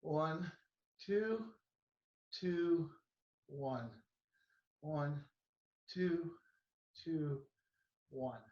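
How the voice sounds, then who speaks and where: Man counting slow reps in a roomy gym. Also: on the high side, recorded from a distance, lo-fi sound. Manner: slow, playful, jokey between counts. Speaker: fitness instructor. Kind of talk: counting reps in a workout class.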